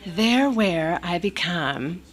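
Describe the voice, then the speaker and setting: A woman's voice: fairly low pitch, lively intonation, slow, a loud crowd. A middle-aged woman from California giving a candid recovery share at a meeting, blunt, profane and self-mocking, with a lot of fillers.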